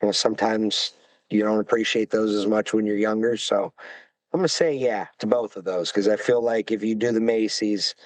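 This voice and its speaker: A man's voice: on the low side, steady tone, moderate pace, dry recording, low-quality recording. A man in his forties on a casual podcast, talking in a reflective way with frequent stumbling restarts. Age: 40s. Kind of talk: casual roundtable chat.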